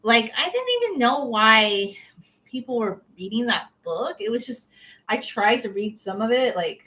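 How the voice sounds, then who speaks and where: A woman's voice: on the high side, lively intonation, measured pace, bright, forceful tone, rough recording. A young adult woman chatting casually to camera as a vlogger, opinionated and full of "like" fillers.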